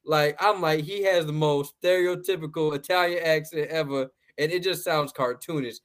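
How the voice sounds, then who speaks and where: A man with a somewhat high voice hosts a casual movie review chat. He is blunt and profane and laughs often. He repeats words as he talks. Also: fairly even intonation, moderate pace. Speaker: podcast host.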